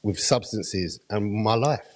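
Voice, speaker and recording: A man's voice: lowish voice, takes it slowly. A man hosting a podcast, talking in casual chat in an earnest, reflective and emphatic way. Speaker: podcast host.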